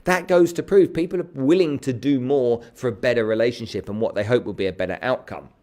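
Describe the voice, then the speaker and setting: A middle-aged man giving a lively sales coaching talk on a live stream, greeting viewers by name. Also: mid-range voice, a little fast.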